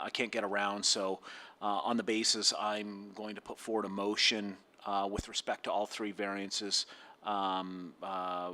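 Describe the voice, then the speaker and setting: A man on a town committee giving measured, halting remarks full of fillers and restarts. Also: fairly low pitch, bright, forceful tone. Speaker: committee member. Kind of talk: council meeting remarks.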